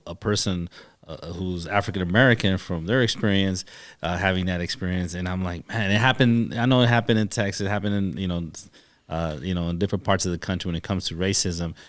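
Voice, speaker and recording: A man, a chiropractor, telling personal stories in a casual podcast chat and acting out the dialogue. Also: deep voice. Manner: animated storyteller, acts out dialogue. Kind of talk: casual storytelling.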